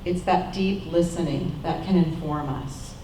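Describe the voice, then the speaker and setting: A middle-aged woman giving a calm, measured, reflective sermon as a minister. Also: sits low, distant mic, a little hiss or hum. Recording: echoey room, voice from off-mic.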